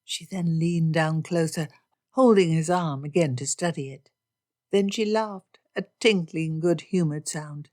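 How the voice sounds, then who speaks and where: An audiobook narrator reads a romance novel aloud in scripted narration that is steady, expressive, and a little slow. Her voice is on the lower side for a woman, and her delivery stays even and attentive to the story.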